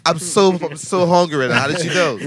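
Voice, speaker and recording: A young man telling a long story in casual chat, slangy and animated, acting out the people he quotes. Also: a little high, a little fast, a crowd in the background. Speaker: podcast guest telling a story.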